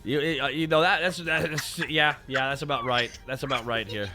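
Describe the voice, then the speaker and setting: A man's voice: medium pitch, steady tone, normal speed, music in the background. A Canadian man in his thirties hosting a stream, rambling and joking with guests and swearing freely. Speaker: streamer host. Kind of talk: casual chat.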